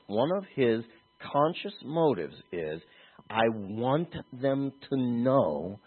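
A man preaching a sermon, talking animatedly and moving from soft, slow stretches to emphatic ones. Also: fairly low pitch, slightly rough. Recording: tinny phone-like audio.

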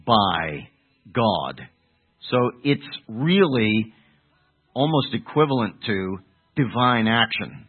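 A man preaching an expository sermon, halting and correcting himself as he goes, asking the listeners rhetorical questions. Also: fairly low pitch. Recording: tinny phone-like narrow sound.

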